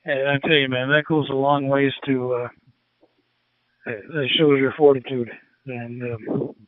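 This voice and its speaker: A Canadian-accented man talking over ham radio, pausing often with fillers as he gathers his words. His voice comes through thin and tinny. It sounds dry and close, with no room around it. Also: mid-range voice, level tone, dry recording. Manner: hesitant, warm-hearted, many fillers. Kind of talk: casual radio chat.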